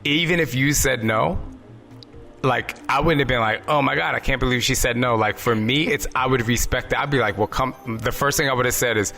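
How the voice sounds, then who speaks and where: A man with a bright, forceful voice hosts a casual podcast conversation. He speaks earnestly and with open emotion, often backing up to restart a thought. His pitch sits in an ordinary middle range for a man. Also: brisk, creaky, faint music behind. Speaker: podcast host. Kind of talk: casual interview chat.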